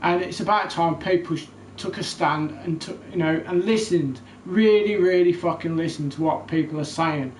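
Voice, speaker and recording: A man ranting angrily to camera about a video game, loud and heated with heavy swearing. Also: a little high, moderate pace, hardly any pauses. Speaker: gaming YouTuber. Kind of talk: angry gaming rant to camera. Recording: echoey room, faint background noise.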